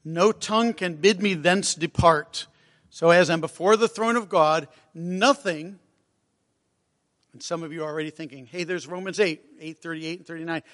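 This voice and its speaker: A man preaching a sermon, earnest and emotional, reading hymn lines slowly. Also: fairly high pitch, fairly bright tone. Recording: long hall reverb.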